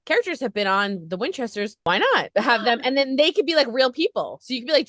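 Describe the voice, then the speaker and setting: A woman's voice: high-pitched, sing-song, quick pace, few pauses, fairly bright tone, no room sound. Chatty woman interviewer, dry sound. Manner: chatty, rambling, lots of fillers. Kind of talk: casual interview chat. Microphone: video call.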